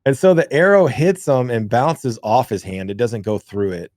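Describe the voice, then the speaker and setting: A man co-hosting a podcast, telling a childhood story in a rambling, profane, animated way. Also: medium pitch, moderate pace, no room sound, clean studio sound. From rural. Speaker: podcast co-host. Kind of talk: casual storytelling chat.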